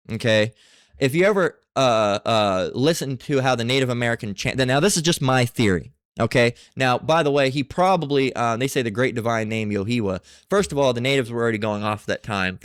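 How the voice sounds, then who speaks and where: A man giving a casual scripture lesson, reading passages aloud and talking in a halting way with many fillers and restarts. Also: mid-range voice, a bit bright, smooth, dry recording, clean studio sound. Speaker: religious teacher.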